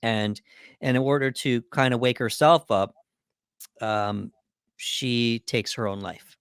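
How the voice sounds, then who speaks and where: A man's voice: medium pitch, fairly even intonation, takes it slowly, smooth, dry recording, clean studio sound. A man co-hosting a podcast, casually recapping a film's plot from his notes with plenty of fillers. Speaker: podcast co-host. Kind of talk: casual film breakdown chat.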